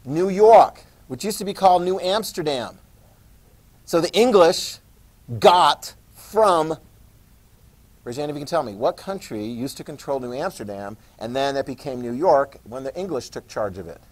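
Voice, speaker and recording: Male teacher, middle-aged, slightly high voice, casual classroom lecture with asides. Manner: chatty, asides and questions to students.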